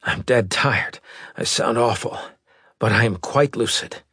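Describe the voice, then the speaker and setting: A man voicing a hoarse, wheezing old admiral. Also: low voice, expressive, unhurried, sharp tone, dry recording, clean studio sound, full character voice. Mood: indignant. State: hoarse, breathless whisper. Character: wounded old male admiral, weak and stubborn.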